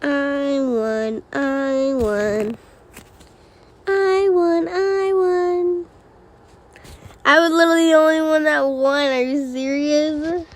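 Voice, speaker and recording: A woman giving excitable gameplay commentary as a YouTuber, often exclaiming. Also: high voice, a little hiss or hum. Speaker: gaming YouTuber.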